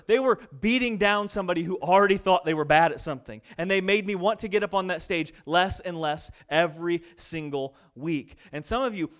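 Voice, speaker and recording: A young adult man preaching a sermon, fast-talking and animated, mimicking people in quick asides. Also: high voice, clean tone. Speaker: pastor.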